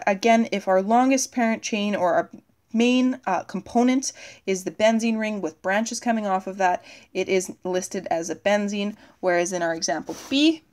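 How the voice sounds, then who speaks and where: A woman teacher giving a recorded chemistry lesson, thinking aloud as she writes on the board and filling pauses with "okay" and "uh". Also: medium pitch, darkish tone.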